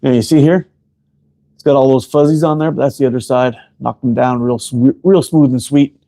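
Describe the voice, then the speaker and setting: This livestream host and slingshot maker has a mellow, creaky, medium-pitched voice with fairly even intonation at normal speed. Working in his shop, he keeps it laid-back and profane, greeting viewers by name as he leans in close to the camera to read chat.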